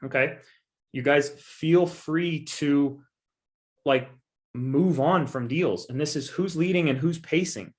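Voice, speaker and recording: Taking his time, a man with a slightly high voice delivers a coaching presentation on investing as a real estate guest speaker. His manner is casual but emphatic and persuasive, full of repeated assurances, and he calls his listeners "guys."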